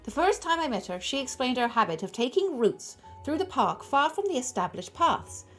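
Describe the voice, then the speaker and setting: A woman reading the lines of a sturdy male tutor in his thirties, giving measured, formal testimony with a loose, uncertain try at an Irish-tinged accent. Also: high-pitched, sing-song, soft background music, voice pushed up. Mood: earnest, formal. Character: powerfully built male tutor in his thirties, calm witness.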